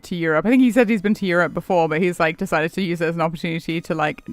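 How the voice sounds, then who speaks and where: A man's voice: fairly high pitch, racing, no room sound. A man streaming a game, chatting casually and rambling, laughing often as he answers chat. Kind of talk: casual live-stream chat while gaming. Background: faint background music.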